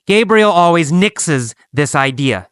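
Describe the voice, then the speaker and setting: A man teaching an English lesson, speaking slowly and deliberately and repeating phrases for learners to copy. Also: fairly high pitch, expressive, smooth, dry recording. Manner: slow, deliberate, repetitive drilling.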